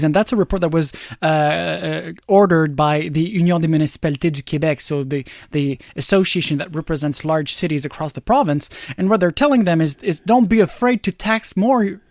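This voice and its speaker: A man's voice: on the high side, dry recording, studio quality. A man from Quebec giving political commentary on the radio, emphatic and sarcastic, with many fillers. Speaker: political analyst. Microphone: radio studio mic.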